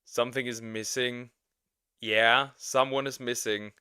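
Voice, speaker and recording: Bright, crisp-voiced man chatting casually. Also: medium pitch, fairly even intonation, a little slow, dry recording, studio quality. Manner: rambling, stumbling restarts. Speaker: co-host on a reaction stream. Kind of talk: casual chat.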